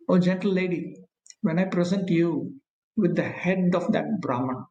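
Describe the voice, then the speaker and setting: A man teaching a scripture class, reading verses, chanting Sanskrit slowly, and explaining with many pauses and fillers. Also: on the high side, darkish tone. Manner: frequent fillers and pauses, repeats points. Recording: echoey room.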